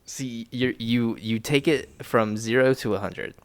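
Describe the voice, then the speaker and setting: A man's voice: mid-range voice, a little slow, smooth, dry recording. A young man co-hosting a podcast in loose, laughing casual chat, tipsy and full of playful questions. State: intoxicated. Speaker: podcast co-host.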